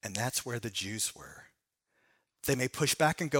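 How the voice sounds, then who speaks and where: A man preaching a sermon on a Bible passage, emphatic and swinging between raised and hushed delivery. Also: medium pitch, animated, moderate pace, breathy edge.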